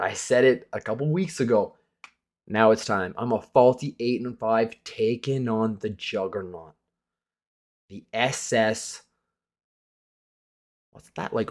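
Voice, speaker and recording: A young man, the league commissioner, giving a casual self-mocking recap of his fantasy hockey league, swearing freely. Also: lowish voice.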